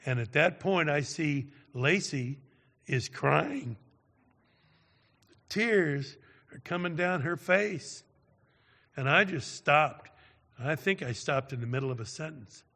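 A male preacher tells his story in a slow, deliberate sermon, his somewhat high voice bright and forceful. He leans on dramatic pauses and keeps checking in with his listeners. Long reverb hangs behind him in a large hall. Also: lively intonation. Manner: dramatic storyteller, tags lines with "all right?".

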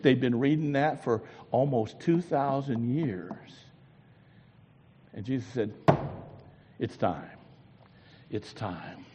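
A man preaching a sermon as pastor, swinging from booming emphasis to hushed, drawn-out words. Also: husky. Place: church sanctuary. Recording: long hall reverb.

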